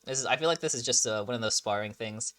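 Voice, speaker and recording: A man casually chatting through a game trailer reaction, excitable and rambling with lots of fillers and restarts, sounding like he just woke up. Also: medium pitch, fast, smooth.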